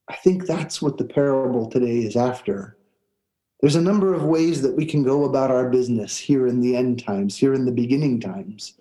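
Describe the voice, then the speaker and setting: A man's voice: mid-range voice, normal speed, dark tone, low-quality recording. A man, a pastor, giving a sermon and telling a personal story in an earnest way, often restarting his words.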